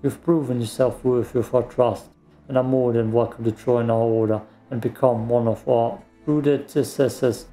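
Man reading a formal female order leader, measured, mellow. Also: medium pitch, fairly even intonation, soft background music, lightly acted.

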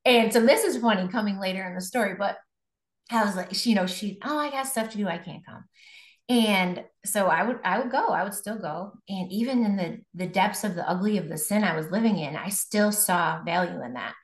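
A woman's voice: medium pitch, brisk. Woman telling her testimony, roomy sound. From Buffalo, New York. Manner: conversational, many fillers and restarts. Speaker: guest. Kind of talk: personal faith testimony. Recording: roomy echo.

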